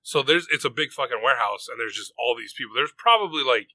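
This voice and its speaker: A man's voice: medium pitch, lively intonation, fast, pushed and bright, dry recording. A man in his thirties on a podcast, telling a rambling story in casual chat, swearing freely and acting out what people said. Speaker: podcast co-host.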